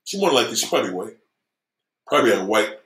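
A man's voice: on the low side, big pitch swings, fast talker, a bit bright, roomy sound. A man hosting a livestream, reading viewer comments and ranting with heavy swearing, mocking and repeating himself. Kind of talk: profane livestream rant.

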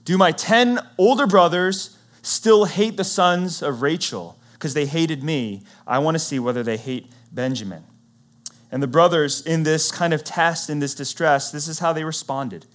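A man preaching, retelling a Bible story in a conversational, animated way and acting out what the characters say. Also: a little high, normal speed. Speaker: pastor.

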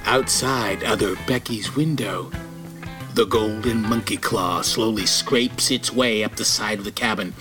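A man's voice: on the low side, unhurried, over music. A man giving dramatic, suspenseful scripted narration for an audio comedy.

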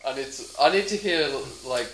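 A man's voice: on the high side, animated, brisk, a bit bright, slight background noise. A man co-hosting a podcast with laid-back banter who laughs often. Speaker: podcast co-host. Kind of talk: casual banter. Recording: roomy echo.

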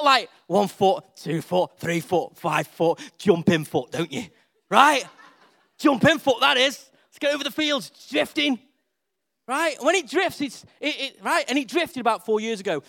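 A middle-aged pastor delivers a sermon as a story, acting out other people's voices along the way. His voice sits high for a man, with a gravelly edge. His pitch swings widely as he talks. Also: fairly bright tone.

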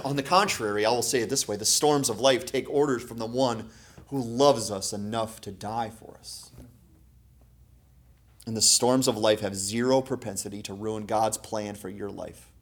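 Male pastor, husky tone, preaching with swings from soft asides to loud emphasis. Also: lowish voice. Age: adult parent. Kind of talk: sermon.

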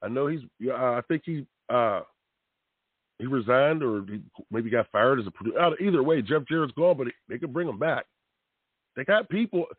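A man's voice: medium pitch, expressive, normal speed, breathy edge, no room sound. A man hosting a wrestling talk show, giving fiery, rambling opinions full of slang and pleading asides. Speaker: radio host. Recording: tinny phone-like dry sound.

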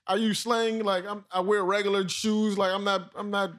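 A young man chatting casually on a podcast, telling a story in slang and dropping to a hushed voice when he quotes himself. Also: high-pitched, flat delivery, normal speed. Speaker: podcast co-host, new teacher. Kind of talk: casual chat.

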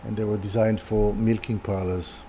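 An older man who designs furniture tells a casual story as a guest in an interview, often stopping and restarting his sentences and repeating words. His voice is fairly low, with a dark tone and a flat delivery. A little hiss or hum can be heard.

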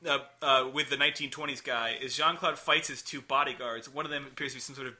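A man co-hosting a casual movie podcast, animated and quick to laugh. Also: medium pitch, a little hiss or hum. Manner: animated, laughs often, swears. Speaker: podcast co-host.

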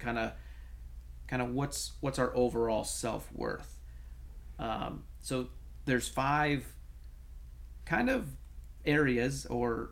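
A man with a gravelly, creaky edge to his voice and a middle-of-the-road pitch, chatting casually as a show co-host. He tells stories in an animated way, stumbling over restarts and fillers as he goes. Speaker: podcast co-host, coach. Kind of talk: casual conversational chat.

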